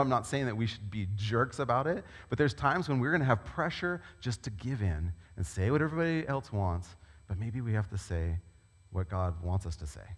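A man preaching a sermon as a pastor, talking in a conversational, animated storytelling way. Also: lowish voice. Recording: long reverb of a large hall.

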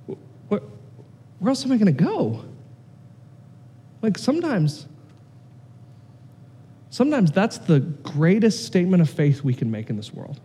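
A man preaching a sermon as pastor, animated and swinging between loud excitement and quiet, earnest intensity. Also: sits high, measured pace, pauses often, slightly rough, big-room sound.

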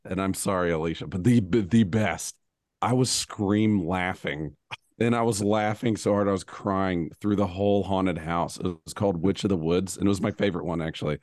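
Hoarse-ish guy with a lowish voice, rambles and laughs thru stories, dry close sound. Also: fairly quick, a little mellow, dry recording. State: slightly hoarse. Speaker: podcast co-host. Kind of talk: casual podcast chat.

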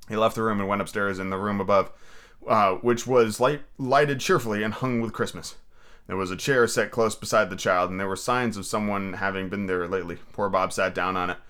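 A male podcast host chats about films in a loose, relaxed way and swears casually. He also reads a classic story aloud at an easy pace. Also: lowish voice. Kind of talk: casual review chat and storybook reading.

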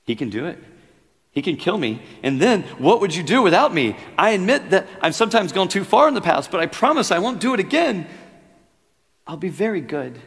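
A man's voice: high voice, big pitch swings, brisk, creaky, in a large hall, voice pushed up, full character voice. A man voicing a small red lizard that coaxes and wheedles in a raised voice. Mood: wheedling. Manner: coaxing, wheedling.

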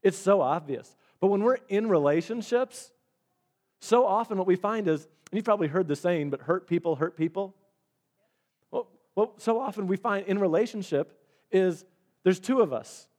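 A pastor with a high voice preaches a sermon at a moderate pace. He's animated and conversational, acting out little dialogues as he goes.

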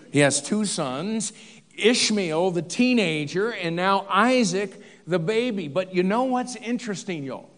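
Male pastor, sermon, humorous storyteller, higher voice, long hall echo. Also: a bit bright.

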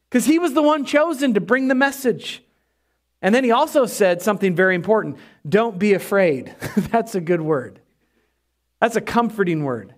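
A man preaching an energetic sermon in a church, asking the congregation for responses as he goes. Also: high voice. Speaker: pastor.

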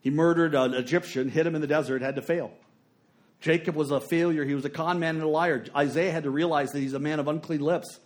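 Middle-aged male preacher with a fairly high voice; storytelling sermon that moves between quiet and emphatic. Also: fairly even intonation, fast talker.

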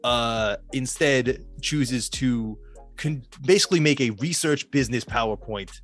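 A man's voice: medium pitch, unhurried, fairly bright tone. Sarcastic swearing podcast man. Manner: sarcastic, swears freely, many filler ums. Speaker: podcast co-host. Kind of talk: casual comedic movie-review chat.

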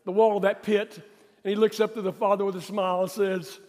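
A male pastor preaching a sermon in an emphatic, repetitive way, rising to stress points and then dropping quiet. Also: high voice, flat delivery, brisk, long reverb tail.

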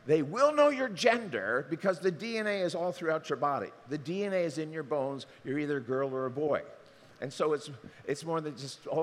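A man preaching a sermon, animated and acting out the voices he quotes. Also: on the high side, long reverb tail. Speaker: pastor.

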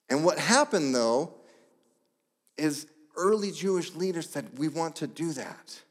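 A pastor delivering a sermon, telling the story with lively asides and brief voiced characters. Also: male voice, a little high, a little slow. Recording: long hall reverb.

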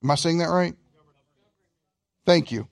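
A man with a Kentucky accent preaching a sermon as pastor, reading scripture slowly and adding humorous asides. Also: on the high side, creaky.

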